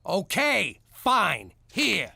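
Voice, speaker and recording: A man voicing a blustery middle-aged mob father in a cartoon, exasperated, who shouts and then gives in to his daughter. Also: high-pitched, wildly swooping pitch, extremely slow, creaky, very noisy, heavily acted. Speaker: strip club co-owner and father.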